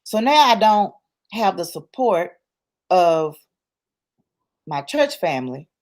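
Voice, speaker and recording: A woman's voice: on the low side, very animated, slow pace, darkish tone. Emphatic woman telling her story. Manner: colloquial, church-rooted speech. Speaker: interview guest. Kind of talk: personal testimony in conversation.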